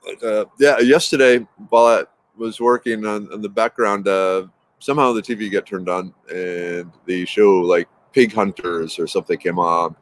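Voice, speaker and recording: A man's voice: fairly low pitch, fairly even intonation, normal speed. A man hosting a casual morning livestream from his backyard, greeting viewers by name in an upbeat, rambling way. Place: outdoors in a backyard. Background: traffic noise.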